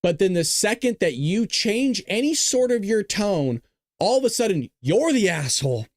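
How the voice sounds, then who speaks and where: A man's voice: sits high, big pitch swings, normal speed, no echo. Guy hosting a politics show, blunt and scornful, dry room sound. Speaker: show host. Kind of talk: political commentary.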